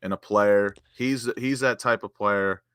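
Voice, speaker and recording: A man's voice: lowish voice, fairly even intonation, measured pace, fairly bright tone, smooth, no echo, studio quality. A man, co-hosting a casual football fan chat, passionate and quoting stats as he rates players. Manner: passionate, emotional, quotes stats. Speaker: co-host rating players.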